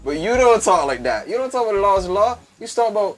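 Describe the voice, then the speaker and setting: A man makes his points with emphatic, repetitive force, over and over addressing his host as "B". His voice sits fairly high. Faint music plays underneath. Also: sing-song, fast. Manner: emphatic, calls the host "B" again and again, repeats phrases. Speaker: guest fashion entrepreneur. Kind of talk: animated casual talk.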